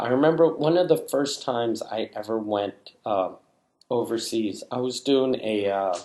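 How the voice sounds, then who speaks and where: A man's voice: mid-range voice, darkish tone. A man with a French Canadian accent, a comedian telling a long story in a casual way, full of swearing, fillers and restarts. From Quebec, Canada. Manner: rambling, profane, many restarts and fillers. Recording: roomy echo.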